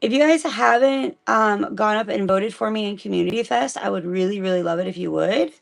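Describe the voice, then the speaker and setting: A woman from Missouri reads Bible passages on a casual livestream and keeps breaking off to chat with her viewers. Her voice sits at a middle pitch with a gravelly, creaky texture. Her delivery is relaxed and conversational. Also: fairly quick. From Missouri, United States. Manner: chatty, breaks off to talk to viewers, giggly asides. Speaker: live-stream host reading the Bible. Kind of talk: casual live-stream Bible reading.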